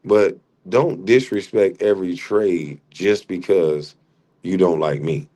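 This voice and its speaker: A middle-aged man, low-voiced, argues on a livestream. He mocks his rival and keeps laughing at him as he talks. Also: slow pace, mellow. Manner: mocking, combative, laughs often. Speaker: livestream host. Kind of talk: heated livestream argument.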